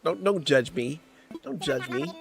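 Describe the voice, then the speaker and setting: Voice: medium pitch, expressive, unhurried, gravelly, faint music behind. A streamer giving casual live-stream gameplay commentary, playful and slangy, often laughing and teasing the chat. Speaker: game streamer.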